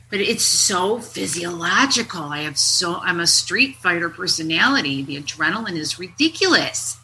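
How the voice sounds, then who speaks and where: Bright, animated woman therapist host. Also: on the low side, normal speed, few pauses, a little hiss or hum, low-quality recording. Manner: animated storyteller, swears casually. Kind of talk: casual podcast chat.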